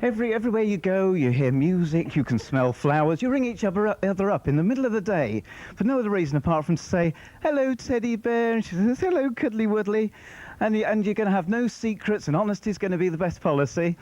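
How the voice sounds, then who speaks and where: A man doing a stand-up comedy routine, rambling and deadpan, slipping into acted-out voices. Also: high-pitched, fast talker, few pauses, dry recording. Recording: muffled, slightly noisy 1990s TV broadcast. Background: audience laughter.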